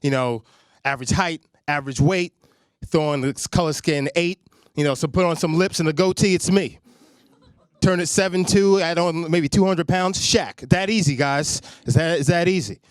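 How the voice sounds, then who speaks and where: A man's voice: on the high side, normal speed, clear, resonant tone, no room sound, clean studio sound. A man from Long Island doing a stand-up comedy set, loose and conversational, talking straight to the crowd. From Long Island, New York. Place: comedy stage in a studio.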